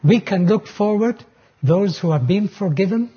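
A man preaching a sermon, reading scripture aloud with slow, deliberate emphasis. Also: sits high, expressive, dark tone, slightly rough, highs cut off.

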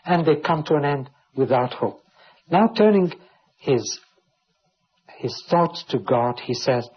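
A man gives a verse-by-verse Bible teaching, reading each passage aloud before explaining it. His voice has a husky, breathy edge. The recording sounds dull and lo-fi. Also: on the high side, expressive, slow. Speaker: preacher.

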